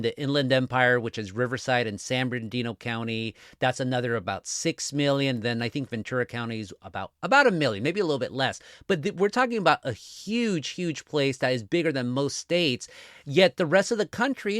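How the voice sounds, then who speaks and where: Man from Southern California, podcast guest, wry and lively, middle pitch, dry close mic. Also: no echo. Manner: animated, wry, self-deprecating. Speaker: newspaper columnist, guest. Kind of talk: casual podcast conversation.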